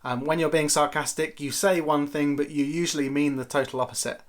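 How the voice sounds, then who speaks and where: A man's voice: a little high, fairly even intonation, fairly quick. A man giving a conversational, lightly playful Bible teaching talk to camera for a church video series.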